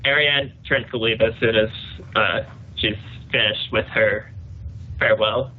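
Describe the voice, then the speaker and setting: A man's voice: fairly low pitch, steady tone, unhurried, slight background noise. A man playing a tabletop game, casually thinking aloud over a tinny voice-chat line. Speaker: player.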